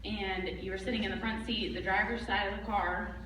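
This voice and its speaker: A woman's voice: mid-range voice, steady tone, a little fast, fairly bright tone. A young woman from Canada, giving a chatty, laughing tribute speech at an open mic. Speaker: family member giving a tribute. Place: large church hall, live event. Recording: echoey hall, distant mic, crowd noise. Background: audience murmur.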